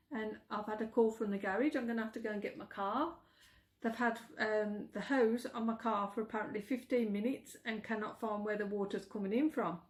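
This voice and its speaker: A middle-aged woman with a Birmingham accent, vlogging in a chatty way, giggling and stumbling over words. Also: on the high side. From England. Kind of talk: casual chat.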